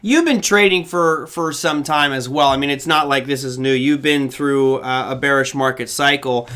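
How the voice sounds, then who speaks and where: A man's voice: mid-range voice, normal speed, bright, forceful tone. A man hosting a casual live trading show, talking in a chatty, loose way and often correcting himself. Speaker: host. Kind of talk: casual livestream talk.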